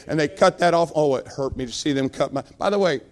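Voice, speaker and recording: A middle-aged male preacher telling a funny story in a sermon, animated, acting out the voices of the people in it and laughing at his own tale. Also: on the high side, fast talker.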